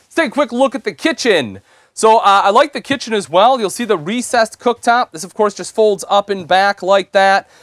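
A man's voice: high-pitched, animated, moderate pace, a bit bright, dry recording, clean studio sound. A young man hosting an RV show, giving an enthusiastic, chatty sales walkthrough inside a travel trailer and calling viewers "folks". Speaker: RV show host.

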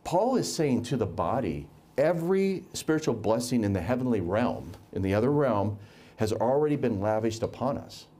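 Male preacher, mellow voice, lively pitch, emphatic sermon delivery with repeated words. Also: normal speed.

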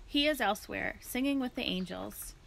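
A woman voicing an eccentric elderly woman philosopher who talks in a formal, digressive, unhurried way. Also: fairly high pitch, gravelly, fairly bright tone. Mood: musing.

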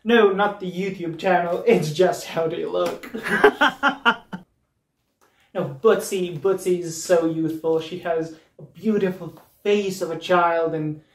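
A man's voice: high-pitched, slow. A drag performer from Serbia, a man, delivering a biting comedy roast with mocking punchlines and laughs, recorded on a distant mic. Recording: roomy, distant mic with faint noise.

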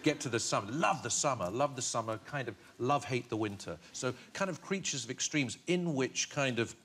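A man's voice: medium pitch, animated, a little fast, fairly bright tone, slight background noise. A middle-aged man from Northern Ireland, a guest on a TV chat show, talking in a reflective way with many restarts and easy laughs. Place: television studio.

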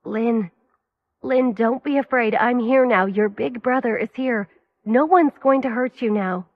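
A woman voicing a gentle, choked-up big brother. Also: a little high, measured pace, phone-quality sound, pitched above the performer's own voice. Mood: soothing. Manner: soft, coaxing and choked. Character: protective older brother soothing his sister.

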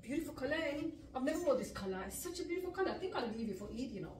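A middle-aged woman vlogger of Mirpur, Pakistan heritage, living in the UK, chats casually to camera, laughing often and mixing in Punjabi words. Her high voice is very animated and rapid-fire with a darkish tone. The room echoes, the mic sits at a distance, and there's a little hiss or hum.

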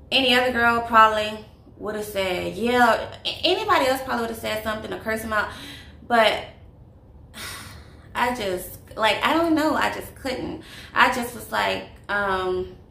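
A woman's voice: a little high, gravelly, pushed and bright. A young woman chatting through a casual story-time vlog, confiding and full of fillers, recorded in an echoey room with faint noise. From Louisiana, US. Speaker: vlogger.

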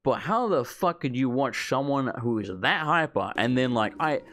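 Animated ranting man commentating a game. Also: medium pitch, moderate pace, soft background music. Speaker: let's play gamer. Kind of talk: casual gameplay commentary.

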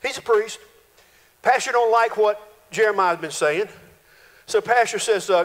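A male pastor, preaching a folksy, animated sermon full of playful voiced quotes in a church sanctuary. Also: high voice, a little slow. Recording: reverberant church hall.

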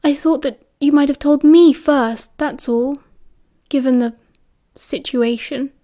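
A woman with a British accent voicing an awkward, hurt teenage boy who speaks haltingly. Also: high voice, dark tone. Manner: halting, hesitant, gruff.

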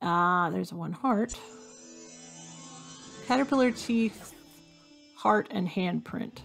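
A woman's voice: mid-range voice, slow, creaky, soft background music. A woman giving casual commentary while playing a hidden object game, reading out item lists and joking to herself. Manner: chatty, reads item lists aloud, jokes to herself. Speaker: game streamer.

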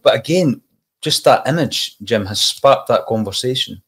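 A man hosting a casual podcast chat, relaxed and prompting his guests. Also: mid-range voice, normal speed. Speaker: podcast host.

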